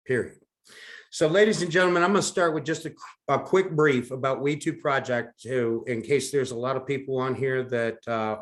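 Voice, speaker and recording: A man presenting his company on a live call, speaking earnestly and persuasively to the audience. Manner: earnest, persuasive pitch with ladies-and-gentlemen address.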